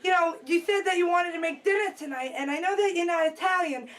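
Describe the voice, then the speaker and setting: A woman playing an excitable, gushing young woman in a comedy sketch, rambling breathlessly. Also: extremely high pitch, quick pace. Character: giddy, excitable young woman Josephine, wears glasses.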